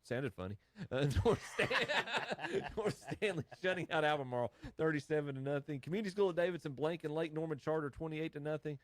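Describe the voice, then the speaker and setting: A man hosting a live radio scoreboard show, running through high school football scores in casual studio banter and laughing often. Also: expressive, fairly quick, few pauses, no echo. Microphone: studio microphone.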